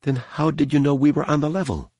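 A man voicing a wounded female alien agent who asks weak, breathy questions. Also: on the high side, fairly even intonation, fairly quick, darkish tone, no echo, voice pushed up. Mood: weak, urgent.

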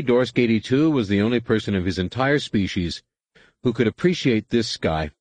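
This audiobook narrator, a man with a fairly low voice, reads a science-fiction novel in a calm, even, scripted delivery. The recording is dry, with no room sound at all.

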